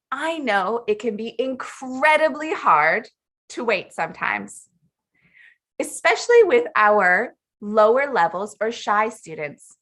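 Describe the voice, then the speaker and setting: A woman teacher trainer giving an upbeat webinar presentation, clearly enunciating her instructions. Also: fairly high pitch, a bit bright.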